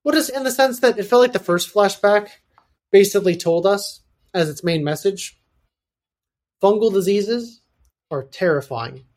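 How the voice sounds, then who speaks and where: A man's voice: high-pitched, animated, normal speed, long pauses. Hesitant, thoughtful male podcast co-host. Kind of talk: casual chat.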